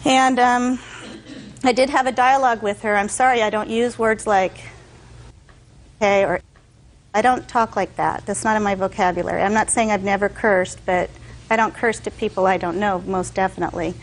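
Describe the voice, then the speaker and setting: A woman's voice: medium pitch, fairly even intonation, moderate pace, slight background noise, rough recording. A woman testifying as a defendant in court, telling her side in long detailed stories and acting out what others said.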